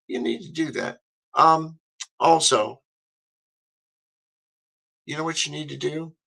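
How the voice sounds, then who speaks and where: A man's voice: a little high, slow, gravelly, pushed and bright, rough recording. A man hosting a talk radio show, rambling and chatty with many fillers.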